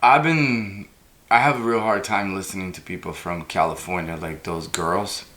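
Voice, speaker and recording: A man's voice: deep voice, moderate pace, sharp tone. A man with a light Boston accent, co-hosting a podcast in a blunt, joking way and swearing freely. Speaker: podcast co-host. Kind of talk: casual chat.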